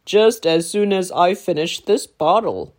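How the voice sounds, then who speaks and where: A woman voicing a friendly, easygoing male dinosaur in a children's storybook reading, with a loud, cheerful, slow delivery. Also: lowish voice, animated, pitched below the performer's own voice.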